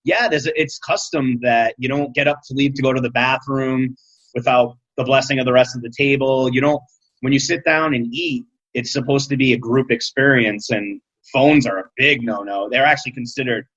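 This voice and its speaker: A man chatting casually on a podcast, a relaxed storyteller who swears offhandedly. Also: mid-range voice, normal speed, slightly rough, no room sound. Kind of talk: casual chat. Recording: dull lo-fi podcast audio.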